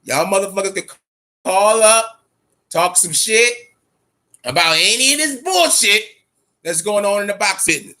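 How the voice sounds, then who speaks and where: A man's voice: high-pitched, animated, normal speed, pauses often, sharp tone. A man hosting a boxing show, talking casually and profanely, amped up and fidgety, repeating himself often. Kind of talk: casual livestream talk.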